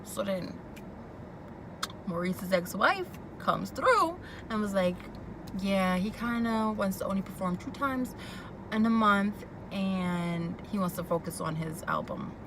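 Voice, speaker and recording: A woman's voice: medium pitch, takes it slowly, noisy background. Sassy woman recapping a TV episode. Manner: animated, quoting characters and reacting with sass. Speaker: TV recap vlogger. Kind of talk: casual chat recapping a TV episode.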